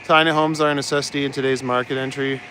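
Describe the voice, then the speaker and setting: A man's voice: medium pitch, level tone, fast talker, background noise. A young man in casual chat as a live streamer, walking outdoors through city streets and chuckling as he answers his chat. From Canada. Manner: laid-back, chuckles often, reads out chat.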